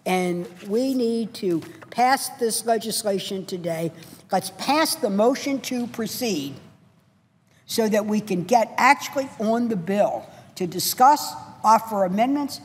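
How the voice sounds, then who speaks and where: A woman's voice: medium pitch, animated, unhurried, breathy edge. A woman senator giving an impassioned, emphatic floor speech in a large legislative chamber, hammering home short repeated phrases. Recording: long reverb of a large chamber.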